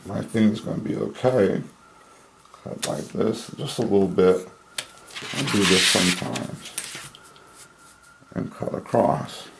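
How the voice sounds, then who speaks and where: A man's voice: on the low side, gravelly, background noise. A man giving a casual hands-on tutorial, thinking aloud as he cuts and pins. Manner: slow, relaxed, thinking aloud while cutting and pinning. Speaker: handbag-making instructor.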